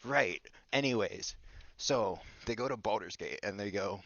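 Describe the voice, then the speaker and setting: A man's voice: fairly low pitch, unhurried, gravelly, fairly bright tone, dry recording. A man hosting a podcast who rambles goofily through a story recap and keeps bossing his co-host around, on a dull lo-fi recording. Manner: goofy, rambling, mock-bossy toward his co-host.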